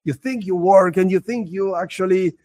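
A man giving a spoken lesson on religious texts, expressive, acting out little scenes and repeating words for emphasis. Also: high-pitched, moderate pace. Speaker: religious teacher.

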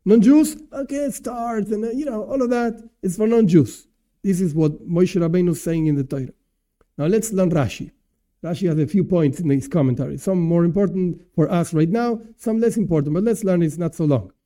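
High, dark-toned man teaching Torah. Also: a little fast. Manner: animated, explanatory, asks and answers himself. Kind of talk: informal religious lesson.

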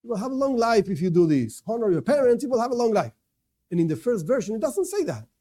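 A man's voice: sits high, expressive, quick pace, warm tone. A man teaching a religious lesson, emphatic, often repeating himself and correcting his words mid-sentence. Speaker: Torah teacher. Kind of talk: religious lesson to non-Jews.

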